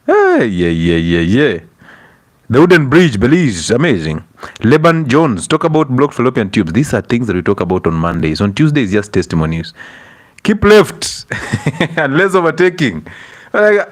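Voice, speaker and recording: A man's voice: medium pitch, huge pitch swings, moderate pace. A young Kenyan man hosting a casual livestream, greeting viewers by name, breaking into Swahili and laughing often between stories. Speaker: livestream host.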